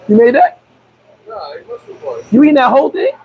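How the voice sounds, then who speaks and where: Guy vlogging outside on the street, kinda high and gravelly, jokey, laughs a lot. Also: very animated, takes it slowly, long pauses, darkish tone, a little hiss or hum, poor audio. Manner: joking, storytelling, laughs often. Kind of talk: casual street vlog chat. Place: outdoors on a street.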